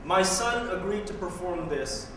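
A man's voice: high voice, animated, unhurried, noisy background. A man voicing an immigrant mother reading her formal note to an audience, recorded in an echoey hall from far off. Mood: earnest. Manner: formal, letter-like address.

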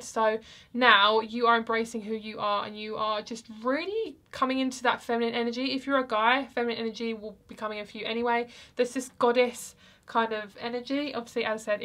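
Young woman doing a tarot reading vlog, kinda high voice, rambly and chatty, lots of likes and ums. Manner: chatty, rambling, soft-spoken with frequent fillers. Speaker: tarot card reader.

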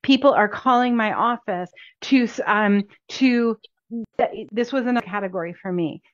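A woman's voice: medium pitch, no echo. Chatty woman chiropractor coaching practice owners, upbeat, dry lo-fi sound. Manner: chatty, upbeat, repeats key points. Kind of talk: instructional talk. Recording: dull, dry lo-fi recording.

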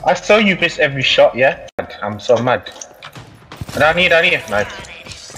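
A young man chatting with friends during a game, joking and telling stories in an animated way. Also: a little high, a little slow, long pauses, faint music behind. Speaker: gaming friend. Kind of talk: casual gaming chat.

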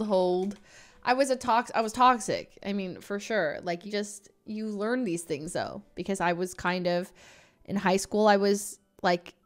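A young woman livestreamer telling a story in a casual, animated, dramatic way into her desk mic. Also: medium pitch. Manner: animated, dramatic, breaks into laughs.

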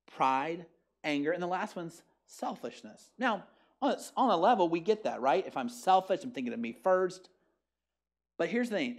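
A pastor giving an animated, emphatic sermon at a church service that is also streamed online, often putting questions to the listeners. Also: mid-range voice.

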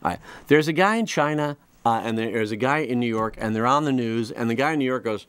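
A man hosting his own comedy show, delivering a rambling, animated monologue full of restarts and quick mock voices. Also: medium pitch, smooth, no echo. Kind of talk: comic monologue.

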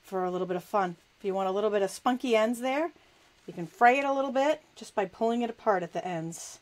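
A woman with a medium-pitched voice talks fast as she hosts a live crafting lesson, working with her hands while she speaks. She's chatty and self-deprecating and laughs often. The recording is rough.

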